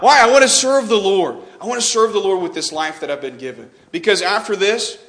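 A man's voice: high voice, pushed and bright. A young man from Texas preaching a sermon, telling a story with frequent restarts and repeated words.

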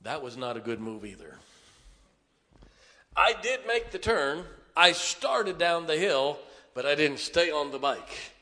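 A man preaching, telling a folksy, animated, self-mocking story from the pulpit. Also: a little high, measured pace. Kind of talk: storytelling sermon. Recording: long reverb of a large hall.

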